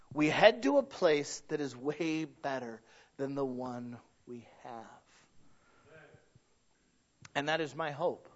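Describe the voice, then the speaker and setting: A man preaching a sermon as pastor, dropping to a hush and then rising to loud, drawn-out declarations. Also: on the high side. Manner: dynamic preaching, swinging from hushed to loud and drawn out. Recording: dull lo-fi sound.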